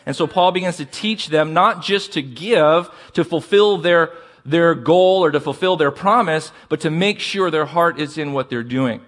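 A man preaching a sermon as pastor, asking the congregation for responses and slowing down to stress key words. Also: fairly high pitch, a bit bright.

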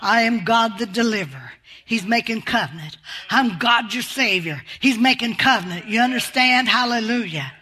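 An older woman preaching a fervent sermon, calling out hallelujah often and swinging between loud exclamations and quiet, slower teaching. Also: a little high, expressive, slightly rough.

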